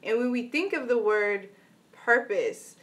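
A woman's voice: fairly high pitch, animated, measured pace. Earnest woman telling a motivational story. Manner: earnest, storytelling, repeated "right?" asides. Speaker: inspirational vlogger. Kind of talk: motivational talk to camera.

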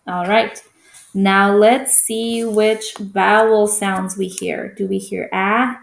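A woman's voice: medium pitch, fairly even intonation, takes it slowly, creaky, reverberant. A woman teaching a phonics lesson to young children, patient and encouraging, stretching out each vowel sound.

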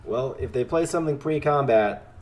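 A man giving casual commentary while playing a card game, talking to his opponent and swinging between excited outbursts and quiet muttering. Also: mid-range voice, normal speed.

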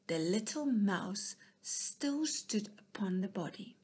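A woman reading a children's story aloud, softly and at times almost in a whisper. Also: medium pitch, expressive, slow, slightly rough. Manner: soft, dropping to a whisper at times.

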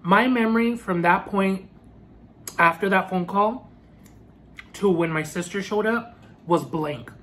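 A man vlogging a personal storytime as he eats, earnest and halting, with many restarts. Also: sits high, pushed and bright. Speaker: food vlogger. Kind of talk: storytime while eating.

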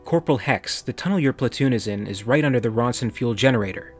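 A man voicing a halting marine corporal. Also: medium pitch, faint music behind, close to an everyday voice. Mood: sheepish. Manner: halting, awkward briefing. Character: hesitant male marine corporal giving orders.

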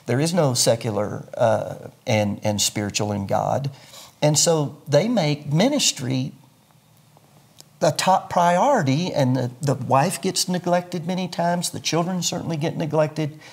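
A man's voice: a little high, lively intonation, a little slow, gravelly, breathy edge. An older man, a pastor, explaining his views earnestly in a sermon-like way during an interview. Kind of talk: interview conversation.

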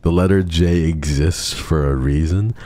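A man's voice: low voice, measured pace, warm tone. A young man streaming a game, bantering with his chat in a profane, teasing way. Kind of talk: casual game stream chatter.

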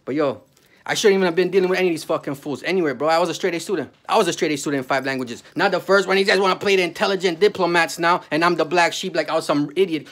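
A man rants at the camera in a fast, profane tirade, calling out people he is angry with. His voice sits high and quick. He drops to a mutter, then bursts into shouting, with "bro" and "yo" everywhere. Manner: peppers speech with "bro" and "yo". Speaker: vlogger. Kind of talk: angry ranting monologue.

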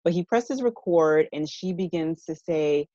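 A woman giving an evening university lecture in a measured, explanatory way, often checking in with her listeners. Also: low-pitched, expressive, warm tone, dry recording, lo-fi sound.

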